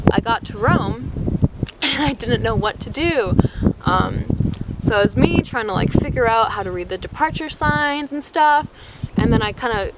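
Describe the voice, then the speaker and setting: This one is very noisy: a young adult vlogger from the United States, her pitch fairly high, breathlessly relates a travel mishap in a casual way. She leans on "like" and performs the quotes.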